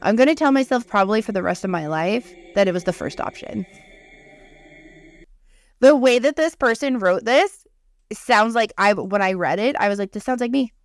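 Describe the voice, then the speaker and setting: A woman's voice: mid-range voice, normal speed. A woman in her thirties, a podcast co-host, telling a creepy personal story in casual chat, swearing freely and acting out what people said. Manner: animated storytelling, swears freely, acts out quotes.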